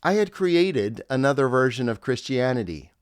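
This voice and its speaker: A man's voice: medium pitch, very animated, moderate pace, clean tone, no echo. A middle-aged man, a former pastor, narrating his memoir in a wry, reflective storytelling manner.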